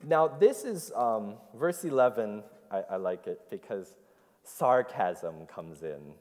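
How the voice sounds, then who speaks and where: A man's voice: on the low side, expressive, takes it slowly, a little mellow. A man preaching an interactive sermon, repeating the congregation's answers and telling the story with animation. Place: church sanctuary. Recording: long church hall reverb.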